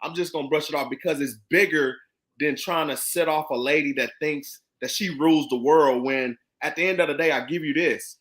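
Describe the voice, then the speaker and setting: A man's voice: a little high, fairly quick, fairly bright tone. Emphatic man in casual chat. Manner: emphatic, repeats phrases, agrees often. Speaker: co-host who works with the company.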